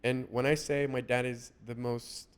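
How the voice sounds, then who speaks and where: Man, mid pitch, earnest, halting speech, frequent restarts, casual podcast chat. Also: flat delivery, smooth. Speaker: podcast host.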